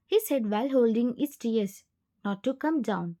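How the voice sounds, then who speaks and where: A woman narrating a fan fiction story in the second person with plain, steady reading. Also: on the high side, moderate pace.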